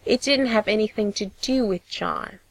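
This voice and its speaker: A woman narrating a piece of fiction in a steady, measured storytelling voice. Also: mid-range voice, gravelly, dry recording, rough recording. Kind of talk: audiobook reading of fiction.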